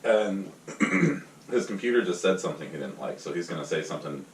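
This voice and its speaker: A man guesting on a casual podcast, making measured, wry comments with pauses. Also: deep voice, animated, slight background noise. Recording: roomy, distant mic with faint ambience.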